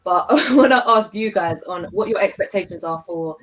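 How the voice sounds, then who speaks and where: A woman's voice: medium pitch, moderate pace, fairly bright tone, poor audio. A woman hosting a casual football chat on a stream, talking in a chatty way with many fillers. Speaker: host.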